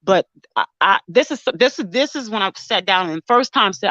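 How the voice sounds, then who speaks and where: A woman in casual conversation, soft-spoken and halting, close to tears as she talks about her poetry. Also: mid-range voice, lively intonation, no echo. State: tearful, close to crying. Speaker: guest poet. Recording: dull muffled dry sound.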